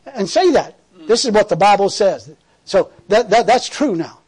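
A man's voice: high-pitched, lively intonation, moderate pace, darkish tone, breathy edge. A man preaching a sermon in a fervent, conversational way, repeating words and laughing as he tells a story.

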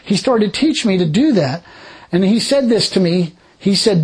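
Husky, lively-voiced male preacher. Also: high voice, moderate pace. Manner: emphatic, repetitive preaching with exclamations of praise; laughs between points. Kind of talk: sermon.

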